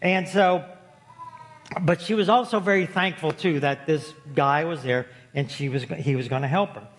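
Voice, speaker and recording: A man's voice: a little high, moderate pace. A man preaching a sermon to his congregation, folksy and storytelling, joking with the room. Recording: long hall reverb.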